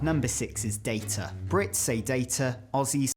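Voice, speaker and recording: A man's voice: mid-range voice, measured pace, darkish tone, soft background music. A man, talking to camera in a playful, self-mocking way as a video creator. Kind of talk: scripted commentary to camera.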